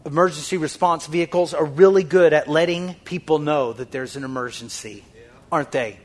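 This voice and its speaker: A man with a high voice preaches a sermon in a passionate, repetitive style. He drops to a hushed near-whisper, then rises to loud exhortations and calls for a response from the congregation. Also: fairly quick. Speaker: pastor.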